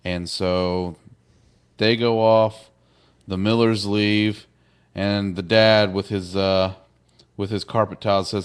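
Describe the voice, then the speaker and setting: A man's voice: on the low side, slow, long pauses, clear, resonant tone. A man casually recapping a TV episode on a podcast, acting out lines with playful voices. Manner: animated retelling with playful put-on voices. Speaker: podcast co-host.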